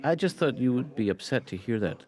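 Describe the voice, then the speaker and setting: A middle-aged man voicing a mild-mannered therapist father in a cartoon, calm and dry with small hesitations. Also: medium pitch, a little fast, natural voice. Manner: calm, dry, gently awkward.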